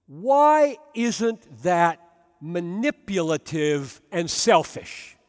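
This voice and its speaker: A man preaching a sermon, earnest and emphatic, often dropping to soft, low tones. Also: very animated, very slow, long reverb tail.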